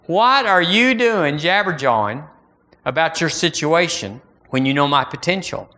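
A man preaching a sermon in a folksy, animated way, repeating phrases and rising into bursts. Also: on the high side, measured pace. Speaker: pastor.

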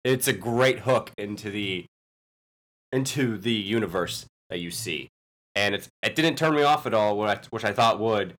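A man's voice: fairly low pitch, lively intonation, normal speed, a bit bright. A man co-hosting a casual movie podcast, talking in an enthusiastic, opinionated way. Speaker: podcast co-host.

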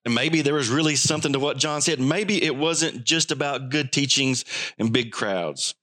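A man's voice: mid-range voice, normal speed. A man preaching a sermon, acting out the voices of the people he quotes. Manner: animated, acts out quoted voices. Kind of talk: sermon teaching.

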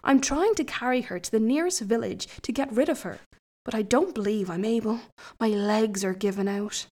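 A woman voicing a weary, complaining male devil disguised as an ordinary man in a folk tale, with a fairly high voice. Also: moderate pace, darkish tone, natural voice. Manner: sighing, complaining.

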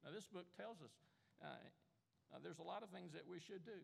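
A man's voice: high-pitched, brisk, vocal fry. An older man preaching a sermon as pastor, emphatic and insistent, repeating key words to drive them home. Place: church sanctuary. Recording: echoey church hall.

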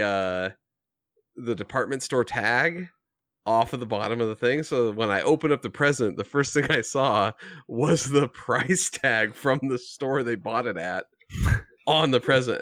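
A man's voice: mid-range voice, a bit bright, no echo. Podcast co-host, man in his thirties, dry close sound, laughing profane storyteller. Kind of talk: casual chat.

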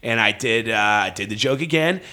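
A male stand-up comedian telling animated stories about gigs in a casual podcast chat. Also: mid-range voice. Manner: animated storyteller, quick asides.

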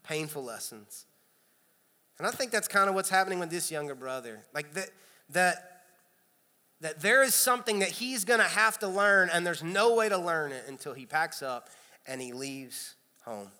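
A man in his thirties preaching a sermon in a church, telling stories with animated, self-deprecating humor. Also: a little high, moderate pace. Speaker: pastor. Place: church sanctuary. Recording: long hall reverb.

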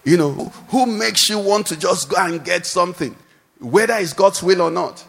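A man preaching a sermon, animated, posing questions for the congregation to answer, recorded in a large church hall. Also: sits high, normal speed, creaky, faint music behind. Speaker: pastor. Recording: echoey hall with long reverb.

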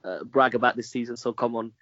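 A man's voice: mid-range voice, fast, a bit bright, highs cut off, slight background noise. A man co-hosting a casual podcast who teases the host with his questions. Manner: teasing, questioning.

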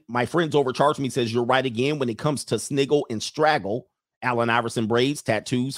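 A man hosts a reaction commentary show with emphatic, preachy delivery, repeating lines to drive his point home. His voice sits at a middling pitch, and the sound is close and dry. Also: dry recording. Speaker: host.

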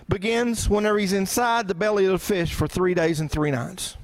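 A man's voice: high-pitched, steady tone, a little fast, few pauses. A male pastor preaching a sermon in a conversational way, full of rhetorical questions. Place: church.

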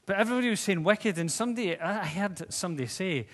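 A man's voice: high-pitched, lively intonation, quick pace, a bit bright. A man preaching a sermon in a church, talking conversationally and putting questions to the congregation. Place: church hall with seats. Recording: long reverb of a church hall.

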